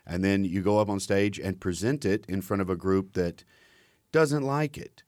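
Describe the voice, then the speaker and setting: Low-voiced Southern US comedian, analytical. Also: male voice, normal speed, darkish tone, no echo, studio quality. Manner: analytical, building an argument. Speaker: stand-up comedian. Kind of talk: casual conversation.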